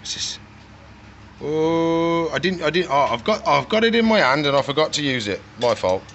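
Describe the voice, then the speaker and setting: A man's voice: on the high side, animated, moderate pace, a bit bright, a little hiss or hum. A young man keeping reptiles, chatting casually as he feeds them and coaxes and scolds them in a playful way. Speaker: reptile keeper feeding his animals. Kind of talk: casual vlog narration while working.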